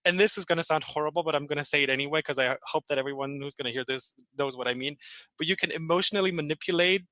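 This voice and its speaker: A man with a German accent, an interpreter, speaking quickly and animatedly in a podcast chat and laughing often. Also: fairly high pitch, sharp tone, no room sound. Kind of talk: casual podcast conversation.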